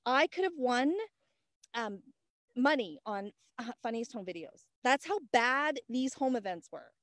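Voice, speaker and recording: Canadian woman, guest speaker, high voice, dry laptop sound, acts out every line of the story. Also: unhurried, no echo. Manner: animated, acts out quoted voices. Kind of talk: storytelling on a group call. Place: outdoors on a mountain. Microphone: laptop on a hotspot.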